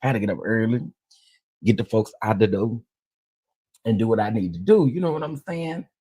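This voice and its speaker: Husky-voiced man greeting livestream viewers. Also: lowish voice, brisk, dry recording. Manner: animated, greets viewers one by one, playful. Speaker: livestream host. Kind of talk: casual livestream chat.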